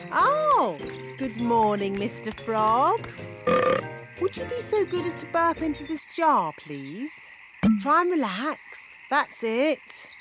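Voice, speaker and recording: A prim, scatterbrained fairy nanny orders everyone about. Her voice sits high and swoops about expressively at an unhurried pace. Clear music plays under this cartoon. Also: sing-song, heavily acted. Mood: bossy. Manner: brisk, bossy, prim. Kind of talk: cartoon voice acting.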